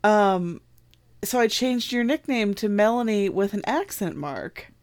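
A woman's voice: mid-range voice, animated, measured pace, a little mellow. A woman co-hosting a podcast, teasing her friend and laughing often in casual chat. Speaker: podcast co-host.

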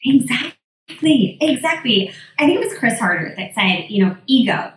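A woman who is a mom and business founder, a guest on a podcast, talking in a lively, upbeat way and acting out her own inner thoughts. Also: on the high side, moderate pace. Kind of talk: casual chat. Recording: echoey room, distant from the mic.

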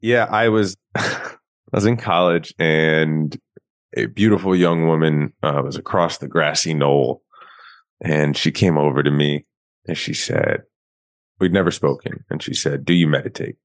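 A man from Queens, a guest author, telling animated, self-mocking stories in a casual interview. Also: a bass voice, unhurried, dry recording. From Queens, New York.

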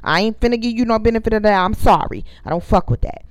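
A woman's voice: a little high, lively intonation, quick pace, no echo. A woman, venting to viewers as host of her own casual talk show, emphatic and profane. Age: 30s. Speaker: podcast host. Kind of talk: casual storytelling rant.

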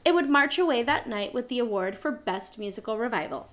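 Woman cohost reading a plot summary off a script, slightly high voice, fixes her own little slips. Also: lively intonation, brisk, fairly bright tone. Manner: reads from a script with small slips and self-corrections. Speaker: podcast co-host. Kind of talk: reading a show synopsis.

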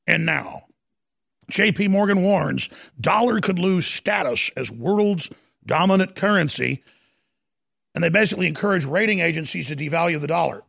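A male talk radio host gives impassioned, digressive political commentary, piling up phrases and restarting his sentences in rapid-fire bursts. His voice is a little high, expressive, creaky, and slightly rough with a bit of brightness.

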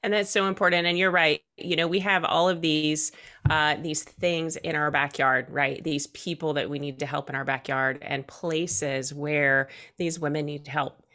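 Low-voiced woman podcast host. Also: steady tone, normal speed. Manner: warm, encouraging, affirming. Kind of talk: casual interview chat.

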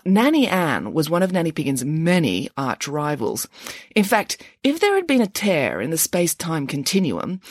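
A woman reading a children's story aloud, her fairly low voice rising and falling a great deal. She tells it with expressive, lively storytelling. The recording is dry and close, with no room sound. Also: no room sound. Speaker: audiobook narrator.

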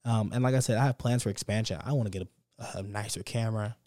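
A young podcast host talks solo into a close mic with a lowish, slightly mellow voice, speaking fast. Unscripted and from the heart, his casual monologue is upbeat, motivational and repetitive. There's no room sound at all.

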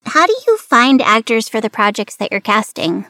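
A woman's voice: on the high side, big pitch swings, normal speed, bright, forceful tone, no echo. Chatty woman host who laughs a lot. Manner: chatty storyteller, laughs often. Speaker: podcast host and French teacher. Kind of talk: casual interview chat.

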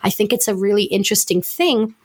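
A woman's voice: medium pitch, expressive, fairly quick, darkish tone, breathy edge. A woman guest on a podcast, chatting casually and with enthusiasm, talking at length. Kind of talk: casual chat.

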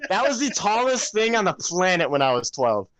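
Young man, podcast co-host, animated storytelling, swinging pitch, dry close sound. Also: normal speed, no echo. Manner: animated storytelling, swearing, laughing. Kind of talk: casual chat.

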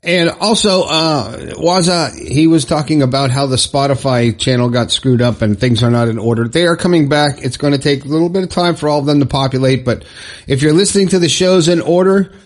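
A man's voice: on the high side, a little fast. A middle-aged man hosting a solo podcast, giving advice in a casual, conversational way and chuckling at himself now and then. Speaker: podcast host.

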